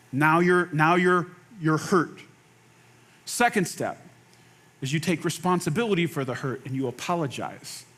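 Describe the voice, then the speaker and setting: High-voiced man preaching a lively sermon. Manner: animated, acts out quoted lines, repeats phrases for emphasis. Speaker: pastor. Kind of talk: conversational sermon.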